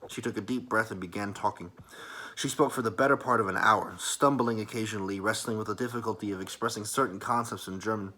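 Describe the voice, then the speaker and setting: A man in a calm, soft-spoken ASMR reading of a story. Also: lowish voice, quick pace. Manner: calm, soft and even narration.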